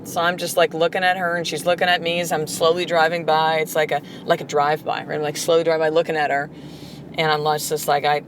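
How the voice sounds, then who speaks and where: A woman's voice: fairly low pitch, a little fast, background noise. A woman hosting a solo motivational podcast as a life coach, talking bluntly with swearing and repeated rhetorical questions.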